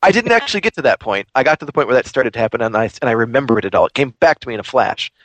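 Animated, ranting man on a podcast. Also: mid-range voice, rapid-fire, no echo. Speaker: podcast host. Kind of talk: casual chat.

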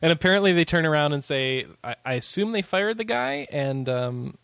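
A man hosting a casual podcast, reacting with incredulous questions and quick comments. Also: on the high side, lively intonation, a bit bright, clear, resonant tone, dry recording. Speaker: podcast host.

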